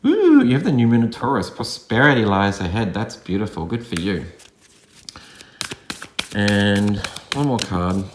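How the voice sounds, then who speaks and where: Guy doing a tarot reading, lowish voice, gentle and encouraging, kinda echoey room. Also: very animated, unhurried, noisy background. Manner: gentle, affirming, drifting in pitch with frequent restarts. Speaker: tarot reader. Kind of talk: pick-a-card tarot reading.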